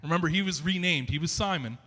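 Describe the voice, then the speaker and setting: Male pastor, high bright voice, chatty animated sermon delivery, reverberant church hall. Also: fast. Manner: animated, conversational preaching with many restarts and asides. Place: church sanctuary.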